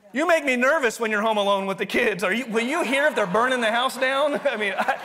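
A man's voice: extremely high pitch, brisk, few pauses, background noise. A man preaching a sermon in a conversational, rambling way, often restarting his sentences. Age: adult, continuing university studies. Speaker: pastor.

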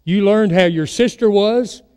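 A man's voice: high-pitched, measured pace, darkish tone, clear, resonant tone, long reverb tail. A man preaching a sermon as pastor, telling stories and putting questions to his congregation. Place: church sanctuary.

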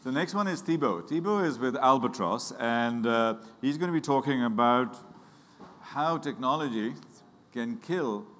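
A man's voice: medium pitch, expressive, measured pace, fairly bright tone. A man moderating a forum, introducing the next speaker in a conversational way with fillers. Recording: long hall reverb, faint room noise.

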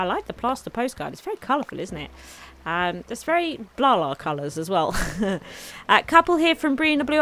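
A woman giving chatty, excitable commentary on her game, thanking viewers as she opens gifts. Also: medium pitch, slight background noise. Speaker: gaming YouTuber. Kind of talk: casual gameplay commentary. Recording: faint background game music.

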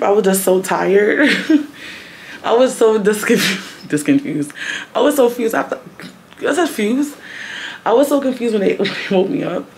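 Holding her phone close in a doctor's office, a woman chats casually for her vlog, rambling, giggly, and self-mocking, at times half-whispering. Her medium-pitched voice is creaky and a little mellow. The audio is poor, with a little hiss or hum.

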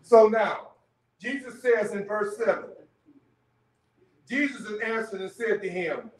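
A man leads a church Bible study in a loose, conversational way, stopping often to ask "okay?" His voice sits high. He is heard from a distance, and the room echoes around him. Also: slow. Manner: conversational teaching, frequent "okay?" checks. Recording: echoey room, mic far off.

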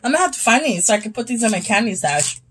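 A woman's voice: a little high, very animated, rapid-fire, fairly bright tone, a little hiss or hum, poor audio. A young woman chatting casually as she tastes and rates snacks, sometimes talking with her mouth full. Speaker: YouTube host. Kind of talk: casual snack review vlog.

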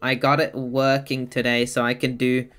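A man's voice: mid-range voice, completely flat delivery, normal speed, a bit bright. A man streaming a video game, rambling, giggling and chatting to his viewers. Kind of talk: casual live-stream chat while playing.

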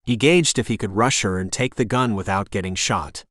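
A man's voice: on the low side, normal speed, fairly bright tone, no room sound. A man narrating a crime audiobook in a tense, dramatic storytelling manner on a close studio mic. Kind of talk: scripted narration.

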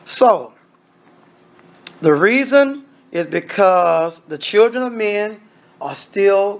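A man preaching a sermon as minister, emphatic and repetitive, firing rhetorical questions and calling the congregation brethren. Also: sits high. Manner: addresses listeners directly as brethren.

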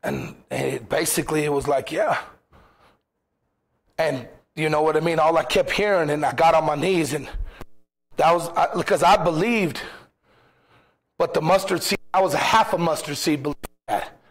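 A man's voice: fairly high pitch, moderate pace, long pauses. A man preaching a sermon as pastor in a church, impassioned, firing rhetorical questions and acting out quoted voices.

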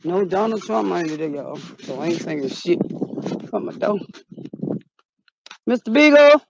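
Gravelly woman, mock-scared vlog. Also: on the low side, animated, moderate pace, lo-fi sound, a little hiss or hum. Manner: dramatic, mock-scared, shouting out calls. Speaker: vlogger. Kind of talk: comic vlog skit. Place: outdoors in the cold.

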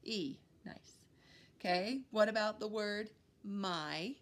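A woman preschool teacher giving a phonics lesson to young children, sounding out letters slowly and praising them warmly. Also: medium pitch. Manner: slow, encouraging, sounding out letters for small kids.

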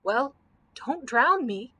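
A woman's voice: on the high side, sing-song, measured pace, a bit bright, full character voice. A woman voicing a timid, good-natured male lion in a storybook, groaning and resigned.

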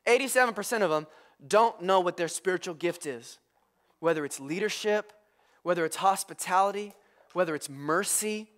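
A male pastor preaching a sermon, excitable and prone to shouting with enthusiasm. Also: high voice, normal speed. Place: church.

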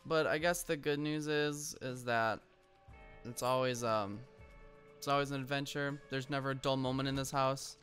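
Over soft background music, a young man at home narrates his gameplay at a normal pace in a steady, fairly bright mid-pitched voice. His storytelling is loose and rambling, peppered with ums and bursts of annoyance at the game.

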